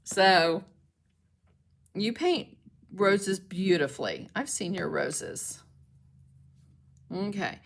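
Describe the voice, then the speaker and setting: A woman's voice: fairly low pitch, animated, drawn-out words, gravelly, pauses often, slight background noise. Chatty woman teaching painting live. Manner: chatty, talks to viewers while painting, checks in with "okay?"; greets and thanks commenters mid-demo. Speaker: mixed media art instructor. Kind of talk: live-stream painting demonstration.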